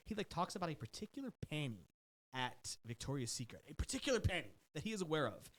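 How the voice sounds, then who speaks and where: A man's voice: a little high, big pitch swings, quick pace, a bit bright. A man on a podcast telling a long story in a casual, profane way, often mimicking the people in it. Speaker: guest, personal trainer. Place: podcast studio.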